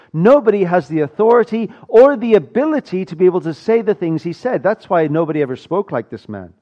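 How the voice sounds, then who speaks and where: A man from South Africa preaching a sermon, rising loud for emphasis and dropping to a hushed low voice. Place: church. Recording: dull lo-fi sound.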